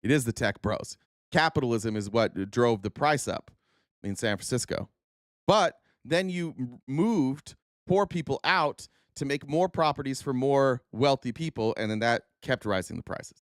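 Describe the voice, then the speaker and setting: A man streaming unscripted political commentary, sarcastic and profane, swinging from low muttering to heated outbursts. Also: lively intonation, measured pace, no echo, studio quality.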